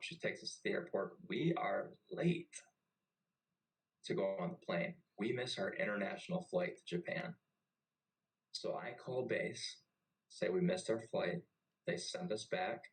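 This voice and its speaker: A young navy veteran tells a story loosely and casually. His voice sits on the low side, and he swears freely and keeps things animated. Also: rough recording. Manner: profane and animated. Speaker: podcast host and navy veteran.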